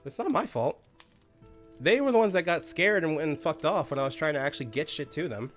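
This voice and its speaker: Foul-mouthed man streaming a game, lively pitch. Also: brisk, soft background music. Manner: swears freely, barks orders at the game characters. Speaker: streamer playing a colony sim game. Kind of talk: casual live-stream chat.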